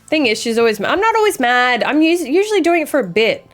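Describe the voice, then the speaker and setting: A woman's voice: high voice, big pitch swings, fast, soft background music. A young woman streamer chatting casually with her viewers and reading chat aloud, with a dry, sarcastic sense of humor and sassy banter.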